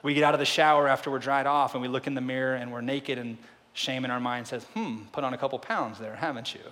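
Male pastor, mid-pitched, preaching with hushed-to-loud swings and repeated rhetorical questions, long hall reverb. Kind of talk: sermon.

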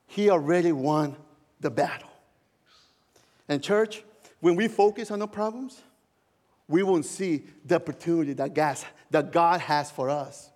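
A male pastor preaching a sermon, telling a personal story in a heartfelt way with soft laughs. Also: a little high, slow, long pauses, in a large hall, some chatter behind.

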